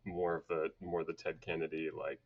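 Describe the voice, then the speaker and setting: A man who grew up in Atlanta, a guest on a podcast, telling stories about his life in a relaxed, conversational way and laughing often. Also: very deep voice, normal speed, lo-fi sound. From United States (grew up in Atlanta). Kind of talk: casual conversational storytelling.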